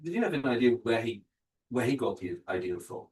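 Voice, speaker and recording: A man's voice: mid-range voice, big pitch swings, a little fast, darkish tone. A man moderating an academic Q&A, hesitant and full of fillers and restarts as he builds his question. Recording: distant mic.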